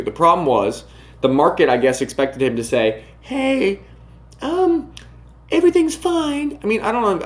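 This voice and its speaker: A man giving casual market commentary to camera, brash and emphatic, often mocking his viewers. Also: mid-range voice.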